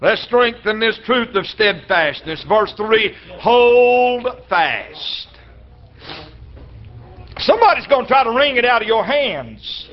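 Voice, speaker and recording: A man preaching a sermon in a folksy way, acting out little dialogues and sometimes breaking into shouts. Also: very high voice, sing-song, takes it slowly. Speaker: traveling preacher. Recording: slightly dull lo-fi church recording.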